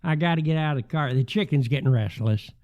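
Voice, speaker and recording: An older man doing a scattered, folksy drifter with a pet chicken, his voice pushed noticeably higher and hurried. The words tumble out fast, on a dull lo-fi recording. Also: lightly acted. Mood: flustered.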